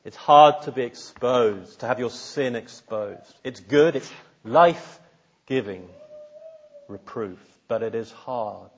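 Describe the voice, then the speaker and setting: A man's voice: medium pitch, takes it slowly, breathy edge, dull audio. A man preaching a sermon in an earnest, searching way, putting pointed questions to his listeners.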